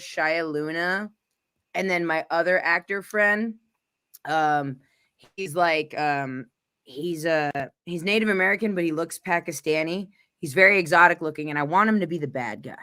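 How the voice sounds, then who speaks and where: A woman hosting a casual chat, excitable and rambling, with lots of "like" as she talks. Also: fairly low pitch. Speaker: host.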